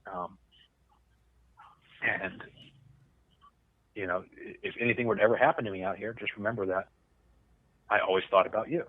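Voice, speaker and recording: A lower-voiced man recounts a story in a loose, rambling way, swearing freely and restarting his sentences. The sound is tinny and phone-like. The room adds no echo. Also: fairly even intonation, fairly quick, pauses often. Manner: rambling, profane, restarts often. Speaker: podcast guest, Coast Guard veteran. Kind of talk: conversational storytelling.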